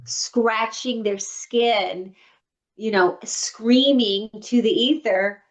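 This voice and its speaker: A woman co-hosting a podcast, chatting in a heartfelt way and telling animated stories in which she acts out what other people said. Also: on the high side, extremely slow. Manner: animated storyteller who acts out quoted people. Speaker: podcast co-host. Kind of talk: casual heartfelt conversation. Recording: slightly dull lo-fi sound.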